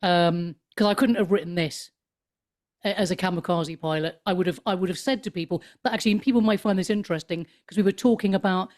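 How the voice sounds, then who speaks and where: A woman in her fifties, a comedian and author, chatting in an interview in a rambling, animated way with many restarts. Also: lowish voice, quick pace. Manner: animated storyteller, swoops up into mock voices. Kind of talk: casual interview chat.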